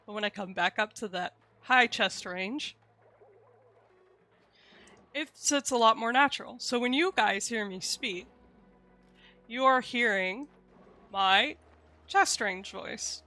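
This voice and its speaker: Bright-voiced chatty woman streamer. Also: a little high, expressive, takes it slowly, pauses often, faint music behind. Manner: chatty, explains candidly, swears casually. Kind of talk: casual live-stream chat.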